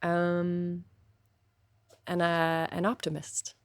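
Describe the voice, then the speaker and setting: A woman interviewee talking candidly, thoughtful and hesitant, pausing often as she searches for words. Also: lowish voice, monotone, smooth, no room sound, clean studio sound. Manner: thoughtful and hesitant, with many pauses and fillers. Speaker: guest.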